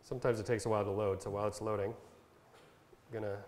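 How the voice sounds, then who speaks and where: A man presenting a Bible translation workshop, explaining step by step in a casual instructional style with fillers, and reading verses slowly. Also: fairly low pitch, level tone, slight background noise. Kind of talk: casual instructional talk with screen demo. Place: talk given at a camp session. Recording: echoey room sound.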